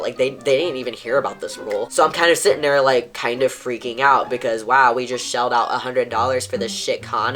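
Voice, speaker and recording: A young adult recounts a storytime in a loose, exasperated rant, dropping curses and constant "like" fillers. The voice sits at an ordinary middle pitch. Soft music plays quietly underneath. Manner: frustrated, swears often, lots of "like" fillers. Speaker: storytime animator. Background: soft background music.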